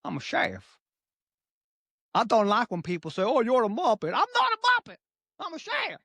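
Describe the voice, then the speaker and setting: A woman voicing a grumpy, greedy male chef who talks deadpan in broken grammar. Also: normal speed, dry recording, studio quality. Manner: deadpan, broken grammar, wild pitch swings. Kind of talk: improvised comedy bit.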